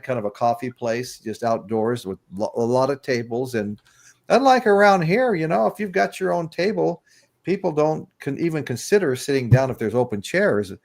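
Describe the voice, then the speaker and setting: Gravelly yet a little mellow, this mid-range voice belongs to a US livestream podcast host in his sixties. He chats casually, wanders through stories with chuckles, and says hello to people in the chat.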